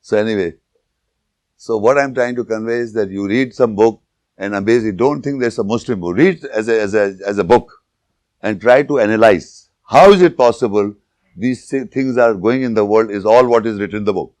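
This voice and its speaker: A man giving an informal religious lecture, telling jokes and anecdotes and pausing to search for words. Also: on the low side, a little mellow, no room sound. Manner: anecdotal, joking, with searching pauses and restarts. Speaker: Islamic lecturer.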